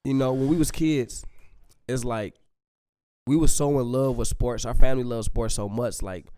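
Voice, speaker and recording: A man's voice: medium pitch, fairly even intonation, normal speed, warm tone. A man, co-hosting a casual podcast and teasing his friend in a laid-back storytelling way. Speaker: podcast co-host. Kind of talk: casual chat.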